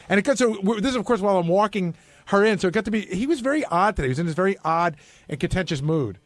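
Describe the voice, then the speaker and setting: A man, a radio show producer, tells a backstage story quickly in studio banter and acts out both sides of the exchange. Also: high voice, expressive, dry recording. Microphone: studio microphone.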